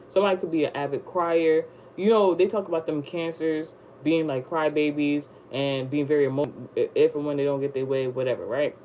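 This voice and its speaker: A woman telling a rambling storytime in casual slang, jumping up high when she acts surprised. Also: a little hiss or hum, poor audio. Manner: rambling, slangy, animated retelling. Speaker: vlogger.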